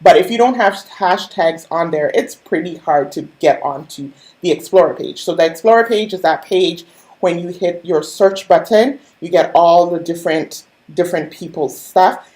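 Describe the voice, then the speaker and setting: A woman's voice: lowish voice, normal speed, a little mellow. A woman coaching her viewers on a live stream in a chatty, playful way, talking straight to them and making asides. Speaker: online business coach. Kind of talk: casual live-stream teaching.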